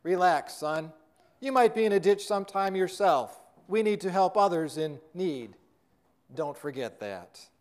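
A preacher voicing a calm old farmer father. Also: high-pitched, a little slow.

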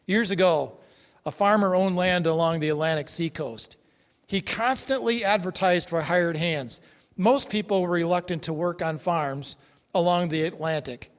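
Preacher, male, high-pitched, emphatic sermon delivery, long hall reverb. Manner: earnest, emphatic preaching with dramatic drops to a hush.

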